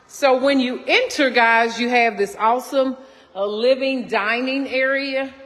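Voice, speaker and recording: A Texas realtor gives a chatty walkthrough of a new model home, exclaiming often and addressing viewers as "y'all." She speaks unhurriedly in a high, slightly bright voice. It's filmed on a phone inside an empty house under construction, so the empty rooms echo and carry faint noise.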